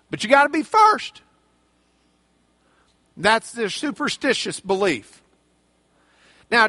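Guy preaching, high bright voice, bouncy, acts out the story in goofy voices, dry sound. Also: no room sound. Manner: animated storytelling, acting out characters in casual voices. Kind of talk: sermon.

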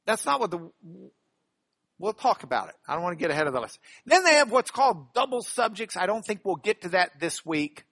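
A middle-aged man teaching a Bible class in a lively lecture style, animated and jokey, with playful asides. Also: high voice, fast talker, few pauses.

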